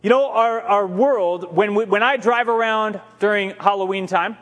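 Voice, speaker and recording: A man's voice: high voice, normal speed, a bit bright. A male pastor preaching a sermon in a conversational, emphatic storytelling way, recorded in a church sanctuary. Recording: long hall reverb.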